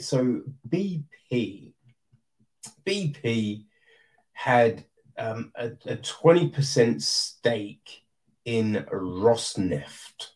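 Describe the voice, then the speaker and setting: Man, casual rant, lively swooping pitch, slow deliberate delivery, swears freely. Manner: exasperated, swearing, rhetorical asides. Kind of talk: casual ranting commentary.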